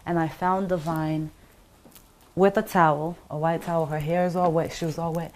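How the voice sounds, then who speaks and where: A middle-aged woman telling her own story in an interview, halting and pausing, acting out the voices of others as she goes. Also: deep voice, level tone, a little mellow, a little hiss or hum. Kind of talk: emotional personal account.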